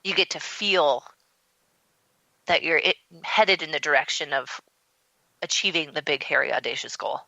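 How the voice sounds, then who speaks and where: Bright, effusive woman host with a low-ish voice, on a dull, dry radio line. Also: normal speed, gravelly, pauses often, no room sound. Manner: effusive, chatty, many fillers. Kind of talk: casual talk radio chat. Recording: lo-fi dry studio sound.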